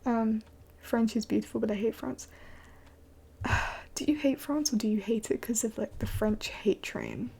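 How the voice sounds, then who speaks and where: A woman's voice: on the high side, measured pace, vocal fry, a little mellow, breathy edge. A young adult woman streaming live late at night, mostly whispering as she answers chat in a blunt, swearing way.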